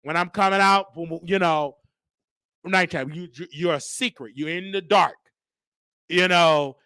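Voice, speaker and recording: Male gossip show host, theatrical and teasing, bright edgy tone, lots of falsetto swoops. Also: measured pace, smooth, no room sound, studio quality. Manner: campy, theatrical, swings into high falsetto. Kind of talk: celebrity gossip commentary.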